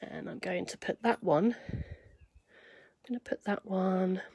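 A woman's voice: medium pitch, unhurried, vocal fry, darkish tone, slightly rough, dry recording, lo-fi sound. Chatty woman demonstrating a craft. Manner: chatty, greets viewers, thinks aloud. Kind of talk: live stream craft demonstration.

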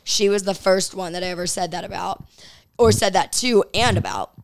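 A young woman in casual conversation, telling a personal story in a lively way and acting out quoted lines. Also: medium pitch, slight background noise. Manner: animated, quick storytelling full of quoted dialogue. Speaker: interviewee.

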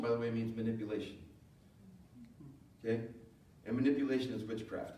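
A male pastor preaching a sermon, moving between loud emphatic lines and low, quiet asides. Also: steady tone, brisk. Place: church sanctuary. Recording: very echoey hall, voice from far off.

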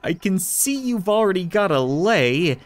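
A gaming YouTuber with a high, very animated voice speaks at a measured pace, delivering crude, joking commentary as he plays video games for comedic effect.

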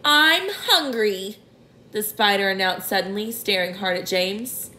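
A woman reading a children's novel aloud in an expressive way. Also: medium pitch, moderate pace. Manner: expressive, clears throat now and then. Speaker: reader. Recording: roomy echo.

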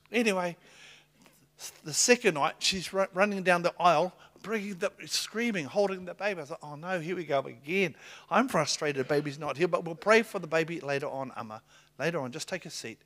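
A middle-aged man preaching a sermon, telling stories in a lively, excitable way and laughing between lines. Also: on the high side. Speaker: pastor. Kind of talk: sermon with storytelling.

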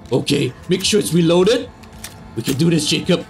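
A young man giving sarcastic let's play commentary on a horror game, swearing and yelling at jump scares. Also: fairly high pitch, expressive, moderate pace, vocal fry, soft background music. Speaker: gaming YouTuber.

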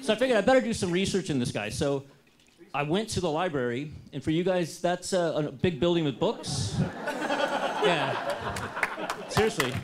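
An American man talks to an audience with a slightly high voice. He tells a personal story in a lively, self-deprecating way. He makes jokes along the way. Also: normal speed, a crowd in the background. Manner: lively, self-deprecating and humorous, acts out his own past dialogue. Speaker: entrepreneur giving a talk.

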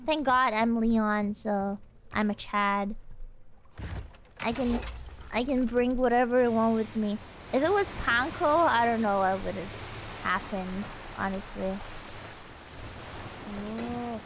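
A young woman streaming a game, chatting casually, excitable and giggly, often bursting into squeals. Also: on the high side, takes it slowly, long pauses, a little hiss or hum. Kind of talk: casual gameplay chat.

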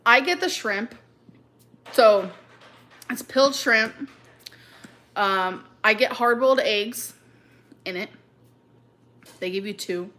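A woman's voice: a little high, expressive, slow, long pauses, sharp tone. A woman hosting a casual live chat with viewers, rambling and chatty with many fillers and little laughs. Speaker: live stream host.

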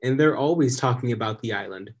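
A young man reading the part of a shy schoolgirl, a little brighter and louder than his narration. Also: medium pitch, brisk, close to an everyday voice. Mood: worried.

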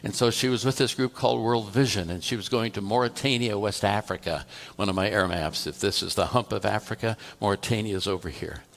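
A man preaching in a relaxed, storytelling way, and his low voice has a gravelly rasp to it. He slips into the dialogue as if chatting with the people in the room. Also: brisk. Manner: conversational, tells a story through quoted dialogue. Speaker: pastor. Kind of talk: storytelling sermon. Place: church.

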